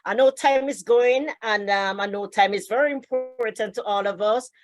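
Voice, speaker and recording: A woman's voice: a little high, normal speed, dry recording, soft background music. A woman hosting an online interview over a video call, affirming the guest with many short agreements. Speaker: host.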